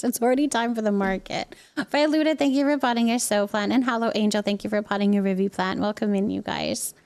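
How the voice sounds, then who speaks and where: A woman in her thirties, a mother, chatting casually with her viewers on a live stream while she plays a game, laughing often. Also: fairly high pitch. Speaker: livestreamer and mother.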